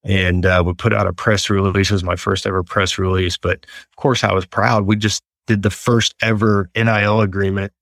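A man's voice: low voice, normal speed, gravelly, few pauses, dry recording. A middle-aged man from Texas, telling stories earnestly as an interview guest. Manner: earnest, animated storyteller. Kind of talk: storytelling interview.

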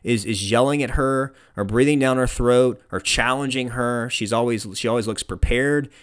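A man's voice: medium pitch, moderate pace, clean tone. A young man giving an earnest motivational talk on leadership, often repeating phrases for emphasis. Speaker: leadership speaker.

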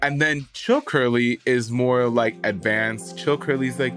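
A man's voice: medium pitch, unhurried, hardly any pauses, music in the background. A man co-hosting a podcast in casual chat, playful, acting out little scenes with sound effects. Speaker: podcast co-host.

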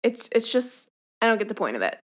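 A woman's voice: a little high, sing-song, fairly quick. A woman co-hosting a casual podcast, chiming in with dry, wry asides about a movie. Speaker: podcast co-host. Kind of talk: casual movie review chat.

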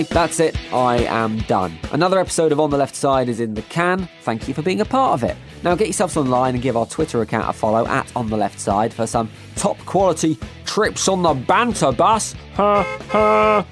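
A man hosts a comic football news round-up, and his delivery is dry, wry and quick. He speaks in a mid-range voice over a clear music bed. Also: medium pitch. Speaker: host.

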